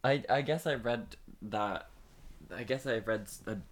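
A Norwegian-speaking woman co-hosting a casual podcast chat, laughing often and restarting her sentences. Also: extremely low pitch. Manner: giggly, halting restarts. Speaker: podcast co-host.

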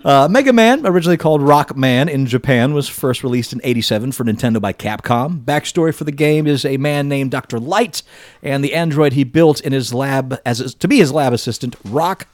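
A man's voice: mid-range voice, a little fast, no echo. A man co-hosting a podcast in casual chat, reading out trivia and laughing easily. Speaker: podcast co-host.

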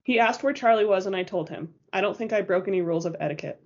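A sullen, resentful young man, as a female narrator reads him in an audiobook, sounding cold and muttered. The breathy, husky voice comes through a dull, lo-fi recording. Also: medium pitch, fast, darkish tone, natural voice.

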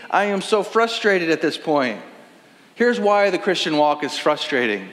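A man's voice: mid-range voice, a bit bright. A man, a pastor, preaching a sermon in earnest with rhetorical questions. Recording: reverberant hall.

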